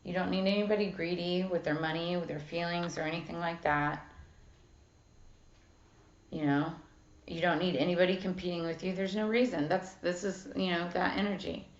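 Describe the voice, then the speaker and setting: A woman's voice: on the low side, steady tone, moderate pace. A woman giving a casual tarot reading who swears freely, reads card texts aloud and fills her talk with "like" and "um". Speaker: tarot reader. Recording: echoey room, dull lo-fi sound.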